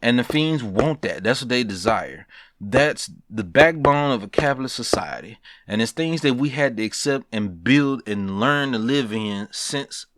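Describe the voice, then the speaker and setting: A young man hosting a casual podcast, ranting about games with profanity, laughing asides and big animated swings. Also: medium pitch, moderate pace, slight background noise. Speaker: podcast host. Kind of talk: casual gaming news rant.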